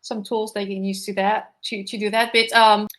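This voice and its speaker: A woman's voice: mid-range voice, level tone, normal speed, fairly bright tone. Female interview guest, non-native English accent, hesitant delivery with many fillers. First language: not English. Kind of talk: live interview.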